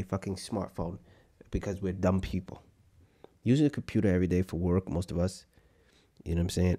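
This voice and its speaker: A man's voice: lowish voice, darkish tone. Give me a young man ranting crudely on a podcast, his voice leaping all over the place. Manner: profane, heated ranting with mock fury. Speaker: podcast co-host. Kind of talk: crude comedic podcast rant.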